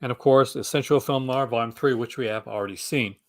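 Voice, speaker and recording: A man's voice: mid-range voice, a little fast, no echo. A man with a Canadian accent, hosting a casual chat and rambling with frequent restarts. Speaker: host.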